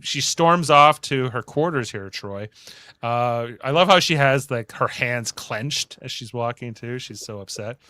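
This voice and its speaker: A man's voice: mid-range voice, pushed and bright, no echo. A man hosting a podcast, recapping a TV episode in a chatty, rambling way. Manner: chatty, rambling, many fillers. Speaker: podcast host.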